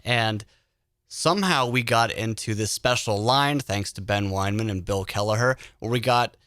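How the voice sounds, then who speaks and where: A man hosting a podcast, telling an animated story in a casual chat. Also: on the low side, moderate pace, no room sound, clean studio sound. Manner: animated storyteller who acts out quoted voices. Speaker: podcast host.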